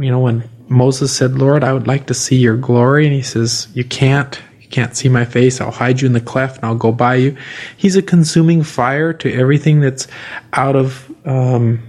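A man in a Bible study group offers his own view on the text. His voice sits at a medium pitch. He speaks thoughtfully and halts to find his words. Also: darkish tone. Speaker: class participant. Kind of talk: discussion in a Bible class.

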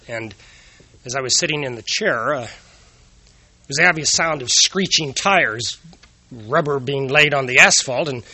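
A man's voice: mid-range voice, bright, forceful tone, breathy edge. A man giving an earnest moral talk, telling personal anecdotes and asking rhetorical questions.

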